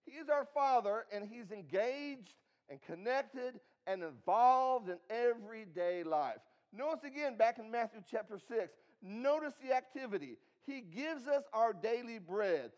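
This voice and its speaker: A man preaching a sermon, reading scripture aloud and guiding listeners through their Bibles with emphatic, rising and falling delivery. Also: high voice. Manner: reads scripture aloud and asks the congregation to follow in their Bibles.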